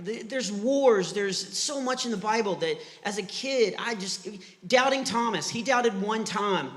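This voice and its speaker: A middle-aged Texan comedian performs clean stand-up with a faith message before a live audience in a church hall, the room's reverb audible in the recording. He speaks in a high voice at an unhurried pace, animatedly acting out the voices of the people in his stories.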